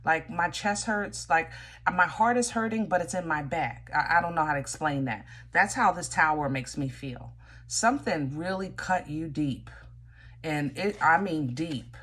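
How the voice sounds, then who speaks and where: Woman with a low voice, casual tarot reading, chatty, talks right to viewers, stops and restarts a lot. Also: normal speed, a bit bright. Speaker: tarot reader.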